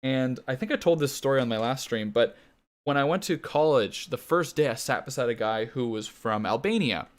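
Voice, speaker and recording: A young Canadian man talking loosely while he plays, with a mid-range voice and a relaxed, rambling delivery. He swears often and laughs as he goes, very much an easygoing game streamer. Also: mid-range voice, moderate pace. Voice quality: casual, profane, laughs often. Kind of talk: casual gaming stream chat.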